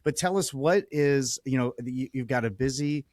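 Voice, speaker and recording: A man with a mid-range voice and a darkish tone speaks at a normal pace, recorded in studio quality with no echo. He is hosting a podcast interview over a remote call, talking casually, often restarting sentences and letting them trail off.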